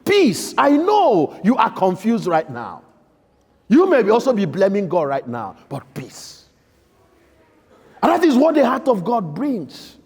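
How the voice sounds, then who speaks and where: A man preaching a sermon as priest in a church, emphatic, swinging between loud outbursts and soft, quiet lines. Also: very high voice, breathy edge. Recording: echoey church hall.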